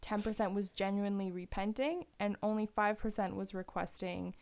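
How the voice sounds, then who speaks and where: A young woman co-hosting a podcast in casual chat, blunt and quick to swear. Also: mid-range voice, fairly even intonation, darkish tone. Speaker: podcast co-host.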